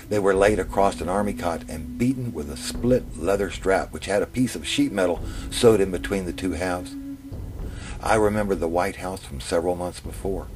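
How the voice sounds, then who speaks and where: A man telling his own memoir in the first person, in a plain, steady way. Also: low-pitched. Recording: music playing under the narration.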